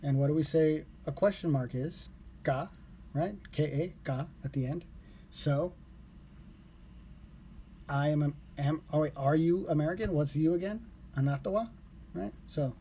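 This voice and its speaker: Man, casual live streamer, loose rambling delivery with self-corrections; mellow tone, faint background noise. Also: fairly high pitch, moderate pace, pauses often. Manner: relaxed, rambling, corrects himself aloud. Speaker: live streamer learning Japanese.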